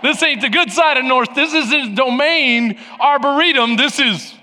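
A man in his forties preaching as a pastor, telling funny family stories in an animated, joking way and acting out voices. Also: extremely high pitch, a little slow. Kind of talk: humorous sermon storytelling. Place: large church sanctuary. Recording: reverberant church hall.

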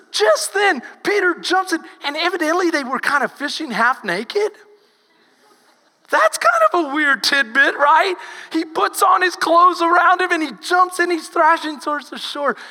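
A woman pastor with a Texan accent, preaching a sermon as lively storytelling that swings from loud to hushed. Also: high voice, big-room sound.

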